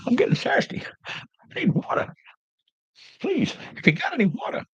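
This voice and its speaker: A man's voice: very high-pitched, huge pitch swings, moderate pace, husky, no room sound, dull audio, pitched above the performer's own voice, exaggerated voice. A man putting on the voice of a parched, desperate man begging for water, airy and strained. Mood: pleading. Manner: pleading, melodramatic.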